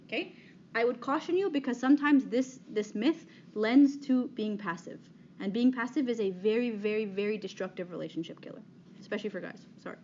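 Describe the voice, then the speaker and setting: A fairly high-voiced woman in her thirties speaks to a live audience. She is chatty and frank, with a habit of checking in with "okay?" The recording sounds a little muffled, with a faint hiss of noise behind her. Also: brisk, dark tone. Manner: frequent "okay?" check-ins, conversational and direct. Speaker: speaker giving a talk on dating. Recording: slightly dull, faint background noise.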